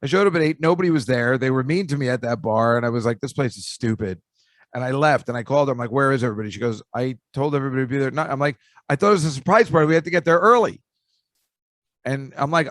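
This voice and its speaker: An older man spins a rambling, self-mocking story, stumbling through restarts as he goes. His voice sits at an ordinary pitch, recorded close and dry with no room around it. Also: lively intonation, racing, no echo. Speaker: podcast host.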